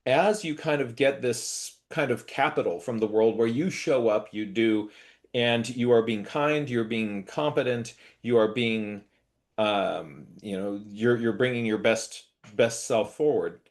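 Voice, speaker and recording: A man's voice: mid-range voice, measured pace. A man hosting a casual interview, thinking aloud and restarting phrases as he sums up ideas. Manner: reflective, many restarts and hedging fillers. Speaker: host, interviewer.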